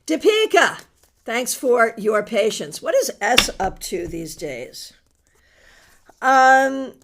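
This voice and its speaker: A woman's voice: mid-range voice, big pitch swings, normal speed, fairly bright tone. A middle-aged woman hosting a tarot livestream, chatting with viewers and reading their comments aloud with emotion. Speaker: tarot reader host.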